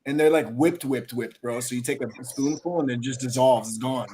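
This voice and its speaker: A man's voice: medium pitch, normal speed, warm tone, slight background noise. A man in his thirties hosting a live stream, chatting casually and swearing a lot, calling everyone bro and dude. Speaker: host.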